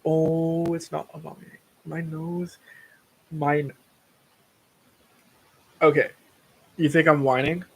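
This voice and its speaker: Male streamer, tired, rambling, blunt ranter, slightly high voice. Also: little pitch movement, slow, gravelly, pauses often, husky, low-quality recording. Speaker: livestream host. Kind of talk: casual livestream chat.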